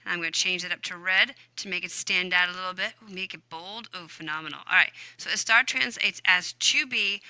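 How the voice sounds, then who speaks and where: A woman's voice: fairly low pitch, a little fast, hardly any pauses, pushed and bright, no echo. A woman teaching a recorded grammar lesson, upbeat and chatty, muttering to herself as she types on screen. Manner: upbeat, chatty, talks to herself while typing. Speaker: Spanish teacher.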